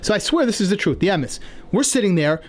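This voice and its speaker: A man from New York telling comic stories in an indignant, animated rant on a podcast. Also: high voice, fairly quick. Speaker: comedian podcast host.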